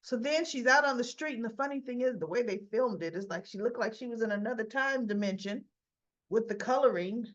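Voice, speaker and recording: A woman's voice: fairly high pitch, fairly quick, fairly bright tone, lo-fi sound. A woman hosting a casual soap opera recap, chatty and opinionated, with many restarts.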